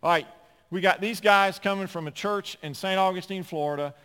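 Man, 60s, pastor, sermon, storytelling, emphatic then hushed, somewhat high voice, long hall echo. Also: a little fast, clear, resonant tone. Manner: storytelling, swings from loud emphatic preaching to low asides.

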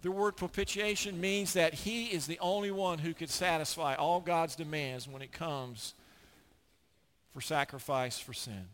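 An older man preaching a sermon, emphatic, often repeating words as he gets excited. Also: a little high.

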